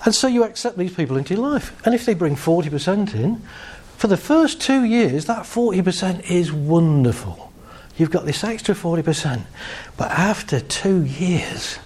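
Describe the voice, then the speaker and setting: Lively high-voiced man speaking. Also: normal speed, husky. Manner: animated, jokey, shifts pace and voice for effect. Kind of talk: humorous talk to a live audience.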